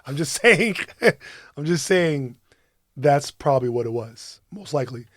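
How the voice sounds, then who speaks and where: A man's voice: on the high side, measured pace, no echo, studio quality. A man co-hosting a podcast, chatting casually, swearing freely and laughing often. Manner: profane, laughs often, animated storyteller. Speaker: podcast co-host. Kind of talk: casual chat.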